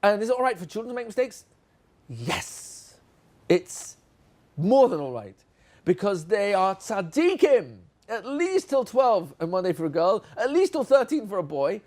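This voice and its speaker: A man's voice: high voice, big pitch swings, moderate pace, a little mellow. A man giving a teacher training session, playfully acting out classroom exchanges with children.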